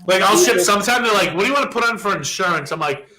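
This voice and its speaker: A young adult man, a podcast co-host, telling a profane, animated story and acting out the quoted lines in casual chat. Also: high voice, racing, slight background noise, low-quality recording.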